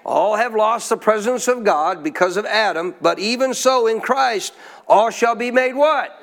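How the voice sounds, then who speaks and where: High-voiced man preaching call-and-response. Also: unhurried, a bit bright. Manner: call-and-response preaching, asks the congregation questions. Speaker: pastor. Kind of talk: sermon. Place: church.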